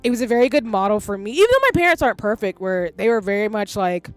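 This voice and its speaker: A woman's voice: medium pitch, animated, fast talker. A woman in her thirties chats casually on her stream with a rambling, candid delivery. She swears freely as she goes off on long tangents, with faint music under her voice. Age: 30s. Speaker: livestreamer.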